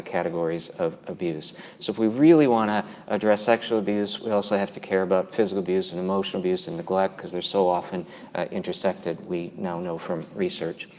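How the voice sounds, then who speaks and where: A man's voice: low voice, darkish tone. A man giving a conference talk on abuse and faith, earnestly retelling what survivors he interviewed told him. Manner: earnest, quotes people he interviewed. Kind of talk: conference talk with retold stories. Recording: long hall reverb.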